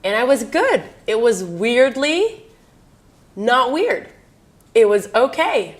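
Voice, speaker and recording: A woman's voice: a little high, very animated, unhurried. A woman in her thirties telling candid personal stories in an interview, rambling and laughing often. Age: 30s.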